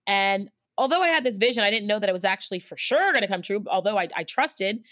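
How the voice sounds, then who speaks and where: A woman, a cycling instructor, tells her own story in an earnest, conversational way. She keeps circling back, restarting phrases and tossing in little fillers as she goes. Her voice sits at a mid pitch in a dry, close recording. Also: quick pace, no echo. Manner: lively and earnest, many restarts and fillers like 'like'.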